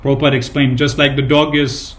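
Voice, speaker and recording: A man's voice: medium pitch, level tone, a little fast, fairly bright tone. A man giving a devotional scripture class, retelling anecdotes with emphatic repetition and casual fillers. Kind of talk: devotional sermon with retold anecdotes.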